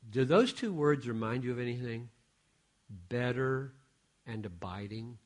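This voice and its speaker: A man preaching a sermon, swinging from hushed asides to loud, emphatic exclamations. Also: medium pitch, expressive, a little slow.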